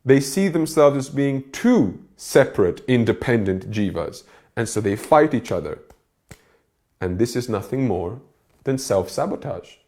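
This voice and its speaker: A man's voice: medium pitch, big pitch swings, measured pace, dark tone. A man giving a recorded lecture as a spiritual teacher, explaining step by step and checking in with his listeners.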